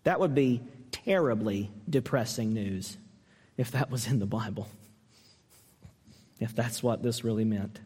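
A man preaching a sermon as pastor, earnest and emphatic, asking the listeners pointed questions and climbing high when he mimics a harsh reading. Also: a little slow, pauses often, a little mellow, husky, in a large hall.

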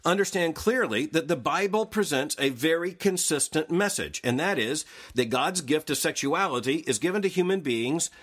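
A man hosting a daily news analysis show, reading scripted commentary in a measured, formal way. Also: fairly high pitch, expressive, fairly bright tone.

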